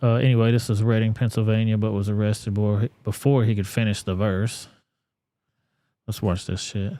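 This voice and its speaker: A man's voice: on the low side, flat delivery, moderate pace, dark tone, no echo. A man with a Southern US accent hosting casual reaction commentary, blunt and profane. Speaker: commentary channel host.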